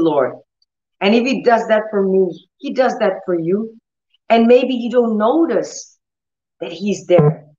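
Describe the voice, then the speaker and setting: A woman's voice: mid-range voice, darkish tone. Earnest woman preacher sharing testimony. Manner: earnest, storytelling, frequent laughs and restarts. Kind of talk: sermon with personal testimony. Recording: roomy, slightly dull recording.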